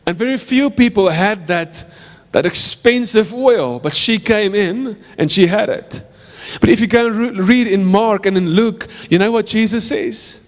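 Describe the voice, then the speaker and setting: Man preaching, South African accent, high voice, ringing church hall, earnest storytelling. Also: measured pace. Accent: South African English. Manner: earnest storytelling preaching, repeats phrases for emphasis. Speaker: pastor. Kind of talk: sermon.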